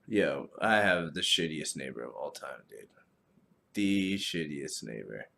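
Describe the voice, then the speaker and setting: A man hosting a solo podcast, talking casually in a profane, rambling, animated way. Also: low-pitched, vocal fry, slight background noise. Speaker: podcast host.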